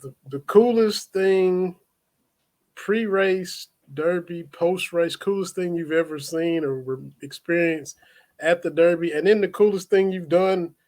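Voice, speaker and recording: A podcast host asking an interview question in a halting way, restarting his phrases. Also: high-pitched, darkish tone.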